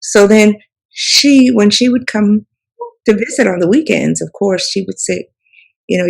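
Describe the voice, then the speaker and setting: A woman's voice: medium pitch, lively intonation, measured pace, vocal fry, husky, rough recording. A woman, reminiscing in a rambling interview style full of "you know" and restarts. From South Carolina Sea Islands. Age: 70s. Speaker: author and storyteller guest.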